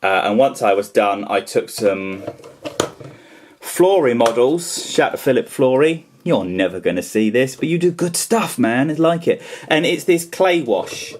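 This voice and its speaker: A man's voice: medium pitch, lively intonation, a little slow, slight background noise. A man, vlogging in a casual, rambling way about customising toys, self-deprecating and enthusiastic as he chats. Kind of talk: casual chatty vlog.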